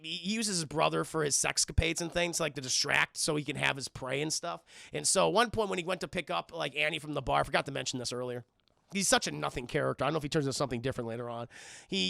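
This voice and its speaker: A man's voice: on the high side, creaky, sharp tone, dry recording, studio quality. A man streaming a casual, profane spoiler recap of a film and rambling to his live chat.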